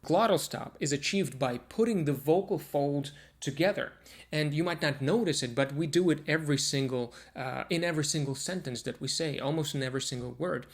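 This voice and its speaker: A man teaching a pronunciation lesson to camera, explaining step by step and repeating example words slowly to demonstrate sounds. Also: a little high.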